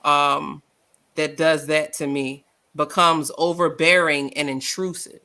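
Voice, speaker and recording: A woman co-hosting a live discussion show, loud and passionate, telling stories with acted-out quotes. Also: low voice, slow. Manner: animated, storytelling with acted quotes. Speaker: podcast co-host.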